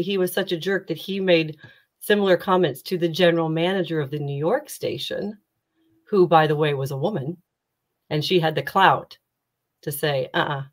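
A middle-aged woman, a career coach and former reporter, telling her story candidly in an interview, animated and often restarting her sentences. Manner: animated, with sharp rises in pitch when retelling tense moments; frequent restarts and self-corrections.

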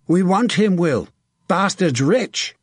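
Brutal, greedy medieval foot soldier who jeers at his foes; a man puts him on. Husky, dry. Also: a little high, animated, slow pace, no echo, pitched above the performer's own voice. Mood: jeering. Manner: jeering, shouted. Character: brutal common English soldier, greedy and mocking.

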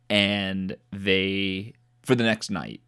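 A man co-hosting a casual podcast chat, recapping a movie with teasing jokes and deadpan asides. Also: low voice, very slow, clean tone. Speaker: podcast co-host.

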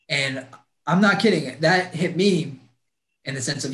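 A man's voice: fairly high pitch, normal speed, fairly bright tone. Man, earnest heartfelt storytelling, frequent restarts, echoey room. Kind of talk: personal storytelling. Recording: roomy echo.

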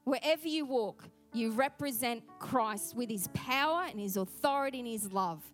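A woman pastor preaching a sermon, telling a personal story in an animated way and acting out her own thoughts. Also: on the high side, normal speed, faint music behind.

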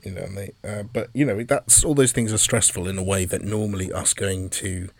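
Low-voiced male co-host, jokey and soft-spoken, dry close mic. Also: steady tone, brisk, dry recording. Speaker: podcast co-host. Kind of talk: casual chat.

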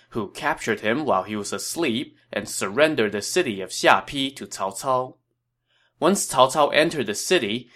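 A man hosting a podcast, reading scripted historical narration in a steady, measured way. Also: medium pitch.

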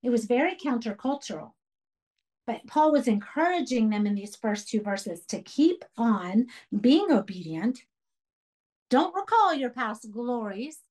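A woman's voice: fairly high pitch, sing-song, unhurried, a little mellow, rough recording. A woman leading a Bible study for a women's group, earnest and emphatic, repeating key phrases as she teaches. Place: church radio program.

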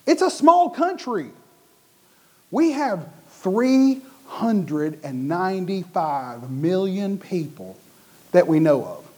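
Animated high-pitched man preaching. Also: takes it slowly. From United States. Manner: animated, acts out quoted voices. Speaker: pastor. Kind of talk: sermon.

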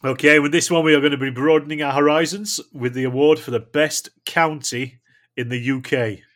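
A man's voice: on the high side, fairly even intonation, brisk, fairly bright tone. A man co-hosting a podcast, announcing and teasing in casual banter. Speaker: podcast co-host.

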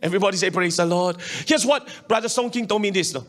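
Here a middle-aged pastor preaches fast with few pauses, his high voice a bit bright. He hammers his points emphatically, repeats himself, keeps calling on the congregation to reply, and often chuckles between points.

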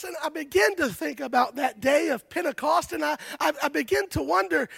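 A man delivers an excited sermon in a very high, bright voice with a gravelly edge. He stammers through restarts and breaks into shouts, recorded close and dry. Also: brisk, few pauses, no echo. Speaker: guest preacher. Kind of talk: energetic sermon.

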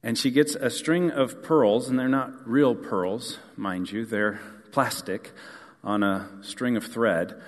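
Conversational pastor with hall reverb. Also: male voice, medium pitch, slow pace. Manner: conversational storytelling with frequent fillers. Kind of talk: sermon. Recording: long church hall reverb.

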